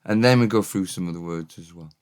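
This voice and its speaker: A man giving a relaxed, off-the-cuff vocabulary lesson, repeating each word for learners. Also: low voice, quick pace. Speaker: Welsh language teacher.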